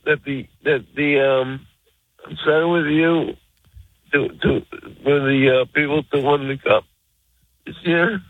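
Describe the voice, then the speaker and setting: Male radio caller, husky voice, rambling and mumbly, heard over a tinny phone line. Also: on the high side, steady tone, unhurried, pauses often, no echo.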